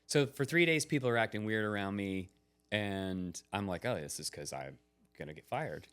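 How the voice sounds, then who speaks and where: A man's voice: moderate pace, smooth. A man in his forties, a podcast guest, telling a story in casual chat, acting out quoted lines with bursts of energy. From United States. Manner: animated, acts out quotes with rising pitch.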